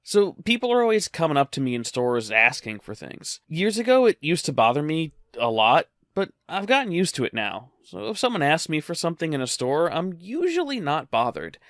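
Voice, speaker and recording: A man's voice: on the high side, brisk, hardly any pauses, no room sound, studio quality. A man narrating a personal story in a wry, conversational way. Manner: wry, conversational, lively delivery.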